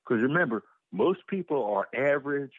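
Husky man telling a heated story. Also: mid-range voice, normal speed, no echo. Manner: animated storytelling, swearing, repeated restarts. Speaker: co-host. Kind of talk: casual talk show banter. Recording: muffled lo-fi sound.

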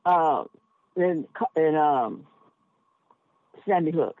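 A woman's voice: sits low, lively intonation, drawn-out words, no room sound. A woman who drives a cab, talking frankly and emphatically as a podcast guest, thinking aloud with plenty of asides. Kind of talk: candid conversation as a podcast guest. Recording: tinny phone line, dry.

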